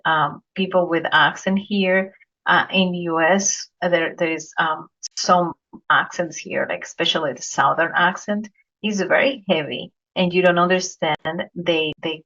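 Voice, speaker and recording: Heard through a dull lo-fi recording, a Colombian woman with a Spanish accent speaks in a lowish, bright voice with a forceful tone. She's hosting a casual podcast interview, earnestly relating anecdotes and repeating words while looking for them.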